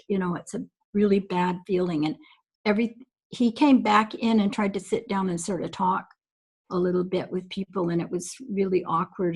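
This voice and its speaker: Husky woman reminiscing on a call. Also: on the low side, a little mellow, low-quality recording. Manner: reflective, rambling storytelling with fillers. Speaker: guest recalling early days. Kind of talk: casual recorded call.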